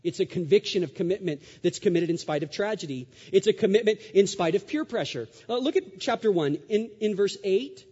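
A man's voice: high voice, expressive, a little fast, hardly any pauses, dark tone, husky. A man preaching a sermon as pastor, emphatic, with rhetorical questions and repeated phrases. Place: church sanctuary. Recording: dull sound with long hall reverb.

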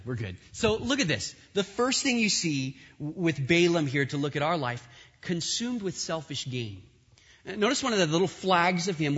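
A man delivers a sermon in an animated, conversational manner, throwing in jokes and asides. His voice is bright with a husky edge. The recording sounds dull and carries a long reverb, as if he were in a large hall. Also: fairly high pitch. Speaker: pastor.

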